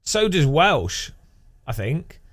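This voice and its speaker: A man's voice: on the high side, big pitch swings, slow, fairly bright tone. A man streaming live, chatting casually with viewers and laughing often. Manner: chatty, laughs often, imitates language rhythms with syllables.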